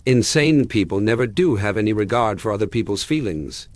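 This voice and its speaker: A man reading an audiobook, voicing an indignant elderly uncle who bursts out in outraged, high-pitched exclamations. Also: lively intonation, a little fast, dry recording, close to an everyday voice. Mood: blustering.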